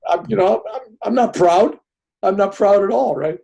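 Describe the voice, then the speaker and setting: Older man with a mellow, husky voice. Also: sits high, moderate pace, muffled recording. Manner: animated storyteller, often adds "right?". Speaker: podcast guest. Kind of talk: personal storytelling in conversation.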